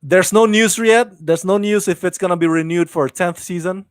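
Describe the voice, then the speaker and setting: A man with a somewhat high voice hosts an entertainment news live stream. He chats loosely and eagerly, often restarting his sentences. The sound is close and dry, with no room around it. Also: moderate pace, clear, resonant tone, dry recording. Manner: enthusiastic, rambling, with frequent fillers and restarts. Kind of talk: casual live-stream chat reading viewer comments.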